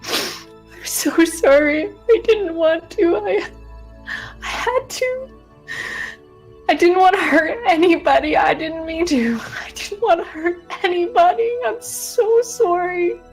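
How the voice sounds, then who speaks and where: A woman's voice: mid-range voice, normal speed, faint music behind, voice pushed up, close to an everyday voice. A woman voicing a remorseful, weeping woman who stammers out apologies and begs forgiveness. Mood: sobbing, pleading.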